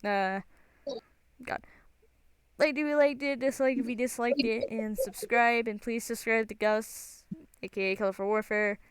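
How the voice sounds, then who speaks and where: A woman's voice: on the high side, fairly even intonation, unhurried, smooth, dry recording. A young woman streamer chatting casually, giggly and full of fillers.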